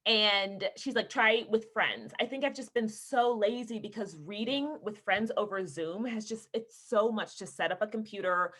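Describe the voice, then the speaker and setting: Bright, animated woman on a video call. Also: mid-range voice, moderate pace, hardly any pauses. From Houston, Texas. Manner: animated storyteller, laughing, acting out quoted people. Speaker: actress, interview guest. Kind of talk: casual video-call interview.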